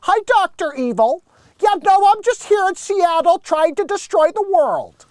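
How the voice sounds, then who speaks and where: A man doing a high, fluttery impression of a nervous, eager-to-please billionaire. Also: sing-song, a little slow, no echo, clean studio sound, heavily acted. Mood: fawning.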